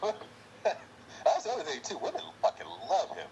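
Laid-back low male podcast co-host, very wide pitch swings, audible noise bed. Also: wildly swooping pitch, brisk, gravelly, muffled recording. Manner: laid-back, laughs often, short replies. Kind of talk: casual profane chat.

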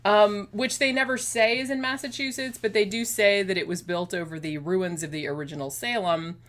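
A woman casually discussing a horror film as a podcast co-host, chatty and animated, laughing often. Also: medium pitch, fairly quick.

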